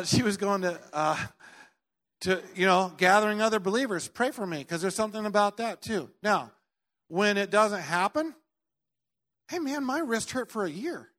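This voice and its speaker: A middle-aged male pastor preaching, telling a story with loud outbursts and quiet earnest stretches, and joking now and then. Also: high voice. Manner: jokey asides. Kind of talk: sermon.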